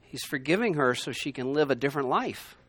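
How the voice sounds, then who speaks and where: A man teaching a Bible lesson to a room of listeners, conversational and emphatic, swinging between loud and quiet. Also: mid-range voice, lively intonation, brisk, breathy edge. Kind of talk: sermon. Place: room with a gathered class.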